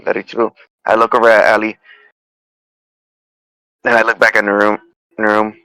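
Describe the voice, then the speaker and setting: A man's voice: lowish voice, monotone, moderate pace, pushed and bright, smooth, dry recording, poor audio. A man playing in a tabletop role-playing game, hesitant and casual, with frequent restarts and casual swearing. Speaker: player.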